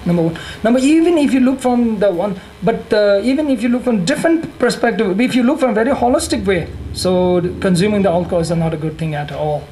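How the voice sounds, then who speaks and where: A man with a Tibetan accent, a Buddhist monk giving a teaching, speaking haltingly, repeating and correcting himself, laughing often. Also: high-pitched, warm tone, a little hiss or hum, poor audio. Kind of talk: dharma teaching with humor. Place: teaching hall.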